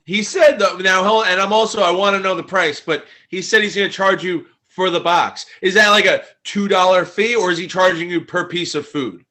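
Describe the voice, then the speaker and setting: A man's voice: high-pitched, pushed and bright. A man co-hosting a podcast, chiming in with jokes and questions in casual chat. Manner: quick joking interjections. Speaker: podcast co-host.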